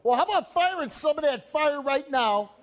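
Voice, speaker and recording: A man with a fairly high voice hosts a confrontational talk show from a studio stage. He presses his guests hard, forceful and intense, hammering points home by repeating them. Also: animated, normal speed.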